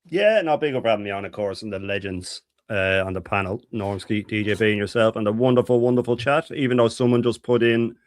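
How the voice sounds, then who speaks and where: A man's voice: fairly low pitch, fairly quick, few pauses, no echo. A man, a guest on a casual live panel, talking with passion and emphasis. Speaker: guest YouTuber.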